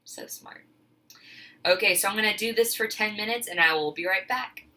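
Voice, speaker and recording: A teacher films a cooking video in her kitchen, chatting casually through a home cooking demonstration. She is flustered and chatty and pokes fun at herself, speaking fast in a mid-range voice that sounds pushed and bright.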